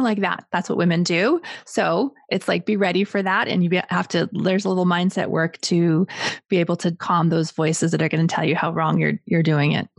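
A woman's voice: on the low side, steady tone, moderate pace, gravelly, no room sound. A woman co-hosting a podcast, speaking earnestly and with emphasis in casual conversation. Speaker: podcast co-host.

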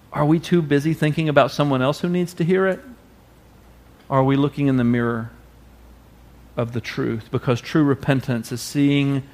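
A man preaching a sermon as pastor, expressive, now and then acting out voices. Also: medium pitch. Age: adult parent. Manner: expressive preacher, acts out quoted voices loudly.

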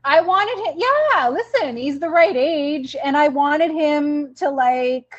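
A woman's voice: high-pitched, slow pace, lo-fi sound. A woman with a Canadian accent co-hosting a movie podcast, talking emphatically and opening lines with "listen". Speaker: podcast co-host. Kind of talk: casual chat.

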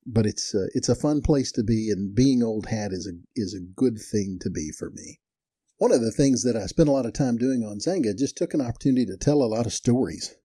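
A man's voice: medium pitch, fairly quick, dark tone, husky, no echo, clean studio sound. An older man telling stories in a casual, folksy way, chuckling as he talks and livening up when he quotes people. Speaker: storyteller. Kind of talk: casual storytelling.

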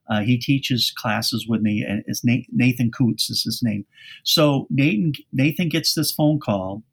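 A man speaking as a guest expert on a cleaning podcast, telling anecdotes in a folksy way with frequent restarts. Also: medium pitch. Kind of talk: podcast interview storytelling.

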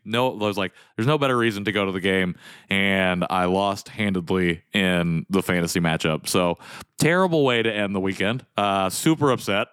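Young guy doing a solo podcast, kinda low voice, rambly and open, dry close mic. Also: fairly bright tone, clear, resonant tone, no room sound. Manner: candid, rambling, emotional at times. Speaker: podcast host.

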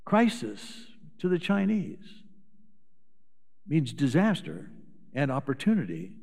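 A man's voice: fairly high pitch, big pitch swings, takes it slowly, creaky, a little mellow, long reverb tail. An older man, a retired pastor, preaching a sermon in a folksy storytelling way, sharing anecdotes. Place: church sanctuary.

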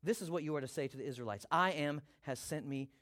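A man voicing God speaking from a burning bush, slow and grave. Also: a little high, a bit bright, pitched below the performer's own voice, natural voice. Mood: solemn. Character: solemn divine male voice from a burning bush.

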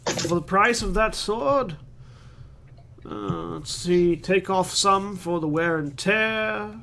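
A man's voice: high voice, takes it slowly, gravelly, pushed and bright, slight background noise, exaggerated voice. A man voicing a fire-breathing male blacksmith who sells weapons and names prices in a businesslike way. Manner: businesslike, haggling salesman.

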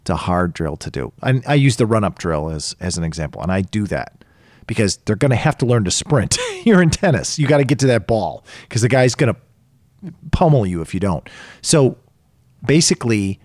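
Low-voiced man explaining coaching ideas. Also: big pitch swings, fairly quick, a little mellow, no echo, clean studio sound. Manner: explains at length with worked examples. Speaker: tennis coach. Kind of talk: casual podcast discussion.

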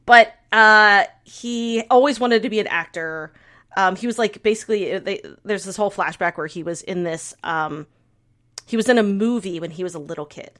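A woman's voice: mid-range voice, normal speed. Chatty woman podcaster, rambling recap. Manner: rambling, heavy use of "like", animated retelling. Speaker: podcast co-host. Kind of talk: casual chat, recapping a drama.

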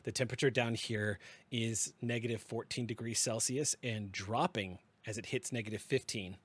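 A man running a tabletop game as game master, narrating scenes in an unhurried, descriptive way with small restarts. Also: mid-range voice, steady tone, slightly rough.

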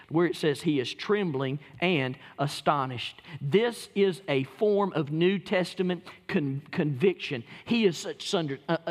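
Male pastor mid-sermon, slightly raised pitch, dramatic hushed-to-booming swings, echoing sanctuary. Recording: long hall reverb.

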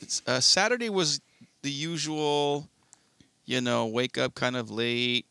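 A man's voice: medium pitch, takes it slowly, creaky, sharp tone, clear, resonant tone. A young man co-hosting a podcast, telling a long rambling story in casual chat and swearing freely. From Southern California. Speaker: podcast co-host.

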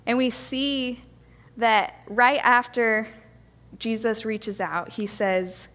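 A woman preaching a sermon to a congregation, gentle, earnest and reflective. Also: fairly high pitch, steady tone, slow, long reverb tail.

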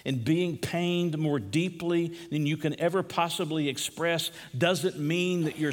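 A man's voice: on the high side, unhurried, few pauses. Preaching man in a reverberant hall. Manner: preaching with dramatic swings between hushed and raised delivery. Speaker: pastor. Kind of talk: sermon.

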